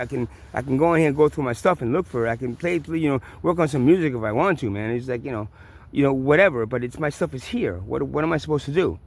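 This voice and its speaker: A man with a New York accent tells a personal story in a rambling, profane way, full of restarts and repeats. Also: mid-range voice. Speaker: vlogger. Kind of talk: casual storytelling.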